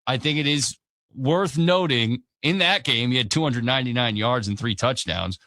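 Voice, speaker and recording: A man's voice: mid-range voice, pushed and bright, dry recording. A man hosting sports radio talk, casual and opinionated. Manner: casual, opinionated, quick asides. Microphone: studio mic.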